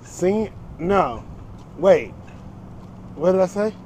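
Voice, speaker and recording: A man's voice: high voice, lively intonation, takes it slowly, darkish tone, slight background noise. A man hosting a casual walk-and-talk podcast outdoors, blunt and teasing, swearing freely. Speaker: podcast host.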